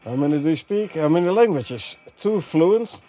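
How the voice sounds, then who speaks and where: A relaxed young man with a Dutch accent, his first language Dutch, chatting casually with his viewers as he streams a game and reads out their questions. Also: a little high, normal speed, faint music behind. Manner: relaxed, chatty, chuckles often, drifts between languages. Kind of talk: casual gameplay commentary, reading chat.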